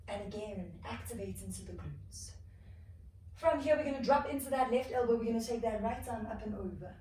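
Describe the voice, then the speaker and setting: A woman yoga instructor calmly cueing a flowing class, slightly out of breath as she moves through the poses. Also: a little high. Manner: calm, flowing cues with soft exhales between moves. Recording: echoey room, distant mic, faint noise.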